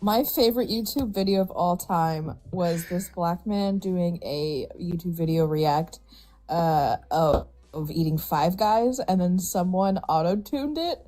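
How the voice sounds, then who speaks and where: एक महिला, जो लाइवस्ट्रीम पर बेतकल्लुफ़ अंदाज़ में उत्साह से अपनी पसंदीदा चीज़ों के बारे में बताती है।. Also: female voice, on the low side, unhurried, warm tone, faint music behind. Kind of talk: casual livestream chat.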